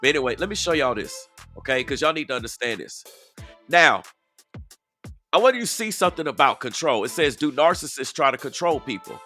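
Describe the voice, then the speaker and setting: Emphatic bright-voiced man live-streaming. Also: medium pitch, expressive, fairly quick, soft background music. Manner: repetitive, emphatic, addresses viewers directly. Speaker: online commentary host. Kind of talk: casual live-stream commentary. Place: outdoors.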